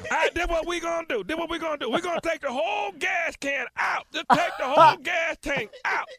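A man's voice: very high-pitched, brisk, exaggerated voice. A man voicing a jive-talking, boastful backyard mechanic father who rambles and hollers in comedy improv. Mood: hollering. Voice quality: loud, rambling, jive slang. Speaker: radio show regular.

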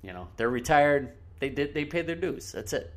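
A man's voice: on the high side, lively intonation, moderate pace. A man co-hosting a casual chat, easygoing, telling rambling stories with restarts.

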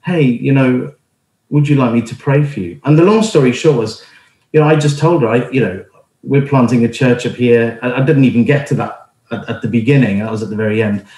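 An earnest middle-aged man preaches in a relaxed, conversational way, often stopping to restart a phrase or add an um. His voice sits at an ordinary pitch for a man. The recording carries a noticeable roomy echo. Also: a little fast. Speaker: church planter and speaker. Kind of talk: informal sermon with personal story.

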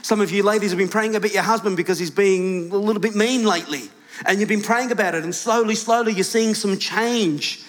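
A male pastor preaching a lively sermon to his congregation, questioning the room and shouting at its peaks. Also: high-pitched, fairly quick. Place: large church hall with congregation. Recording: live church hall with long reverb.

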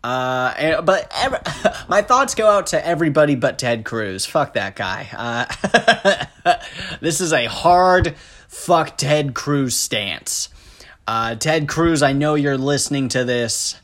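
Young Midwestern male podcaster, unhurried, profane, self-deprecating. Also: a little high, expressive, a bit bright. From American Midwest. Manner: rambling, self-deprecating, profane, with frequent laughs and fillers. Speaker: podcast host. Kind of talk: casual solo podcast monologue.

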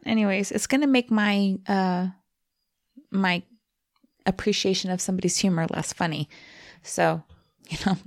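A woman's voice: fairly low pitch, gravelly, no room sound, studio quality. A woman co-hosting a casual podcast chat, telling rambling stories with lots of giggles. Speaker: podcast co-host.

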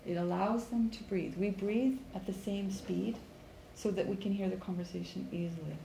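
Woman teacher, low gravelly voice, mellow tone, echoey classroom. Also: fairly even intonation, moderate pace. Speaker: English conversation teacher. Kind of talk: classroom coaching. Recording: echoey room with faint background noise.

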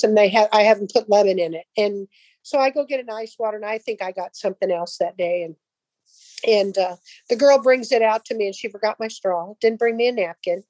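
An older woman, appearing as a guest, casually shares a personal testimony of faith, rambling, restarting, and acting out the dialogue. Her voice is a little high with a darkish tone, recorded roughly with no room sound.

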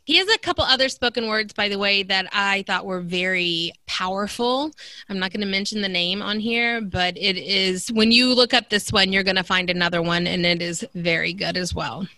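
A woman's voice: mid-range voice, moderate pace, sharp tone, dry recording. A woman from Texas, an educator co-hosting a podcast, chatting enthusiastically about books. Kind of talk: casual book chat.

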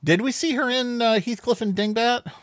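A man's voice: very high voice, moderate pace, no room sound, clean studio sound. A man co-hosting a podcast, chatting playfully about old cartoons and acting out lines. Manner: laughing, playful, acts out quotes. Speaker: podcast co-host. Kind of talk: casual chat reviewing cartoons.

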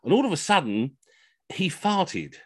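A middle-aged man telling comic anecdotes on a video call, animated and slipping into funny voices for the people in his stories. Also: fairly high pitch, a little slow, breathy edge, no echo. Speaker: costumed Henry VIII entertainer telling stories.

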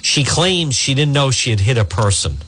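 A man's voice: medium pitch, expressive, normal speed, fairly bright tone, breathy edge. A middle-aged man hosting a talk radio show, reading a news story aloud and adding indignant asides.

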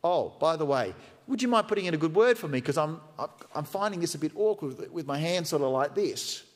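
A man's voice: on the high side, lively intonation, fairly quick, lightly acted. A sheepish, self-serving king whines for a favour in a bouncy, lifted voice, as a male preacher puts him on mid-sermon. The tone is casual and pleading, and it rings with a long church-hall reverb. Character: whiny self-serving ancient king, grown man.

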